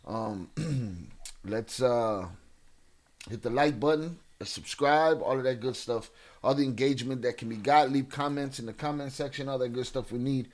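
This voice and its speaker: A man's voice: mid-range voice, normal speed. Laid-back man hosting a live stream. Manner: laid-back, slangy, giving viewers shout-outs. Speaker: livestream host. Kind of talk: casual live-stream chat.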